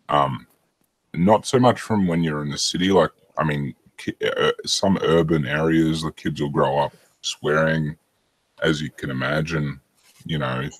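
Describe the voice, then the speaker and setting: A man's voice: a bass voice, dry recording, rough recording. A man, rambling in casual chat on a video call and swearing freely.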